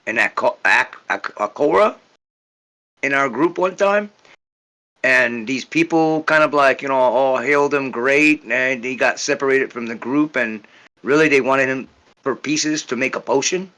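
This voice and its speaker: A man plays a wary male adventurer passing on a warning in an urgent, halting way. His voice is bright and edgy, set a little back from the mic. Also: medium pitch, rough recording.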